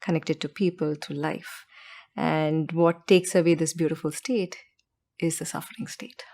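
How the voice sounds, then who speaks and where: A woman guest speaking softly and slowly, telling a story and explaining calmly in an interview. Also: low voice. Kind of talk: calm storytelling interview answer.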